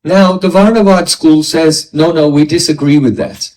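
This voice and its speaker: A man's voice: on the high side, normal speed, a little mellow. A man giving a philosophy lecture as a spiritual teacher, explaining step by step and asking rhetorical questions. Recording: voice distant from the mic.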